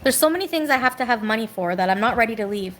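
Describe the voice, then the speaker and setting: A woman's voice: on the high side, expressive, racing, slight background noise, low-quality recording. Bitter rambling woman venting on a stream. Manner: rambling, bitter, talks back to chat. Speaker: livestreamer. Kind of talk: venting live stream chat. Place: home kitchen.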